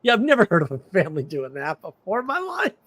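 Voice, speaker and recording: Middle-aged man, livestream host, casual rambling chat, fairly high voice, animated storytelling. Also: fast.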